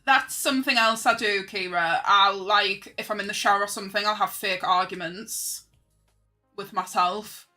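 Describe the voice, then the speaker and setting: A young woman talks casually on stream as she draws, bright and forthcoming. She is self-mocking and quick to laugh, answering her chat. Faint music plays underneath. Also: medium pitch, fairly even intonation.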